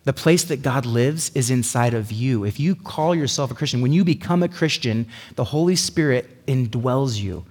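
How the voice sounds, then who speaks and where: A husky-voiced man preaches a sermon with animated, sarcastic storytelling and a playful edge. His voice rings out with a long reverb through a large hall. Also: mid-range voice, moderate pace, hardly any pauses. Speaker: pastor.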